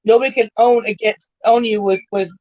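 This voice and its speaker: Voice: medium pitch, fairly even intonation, brisk, darkish tone, dry recording. A livestream host in casual chat, rambling and swearing, often tagging sentences with "right?". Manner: rambling, profane, tags lines with "right?". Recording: dull lo-fi stream audio.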